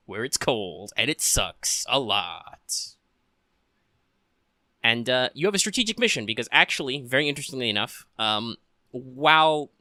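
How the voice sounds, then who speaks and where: Bright-voiced male game master. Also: mid-range voice, no room sound, clean studio sound. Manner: relaxed and joking, with many fillers. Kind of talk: casual tabletop game narration.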